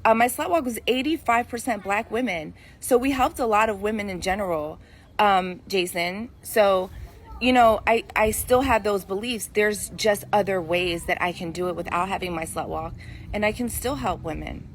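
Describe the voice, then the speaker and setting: In a played clip, a guest, a woman in her forties from Philadelphia, USA, rants bluntly and defiantly straight to the camera, swearing a lot. Her voice is medium-pitched at normal speed, with a little hiss or hum in the audio.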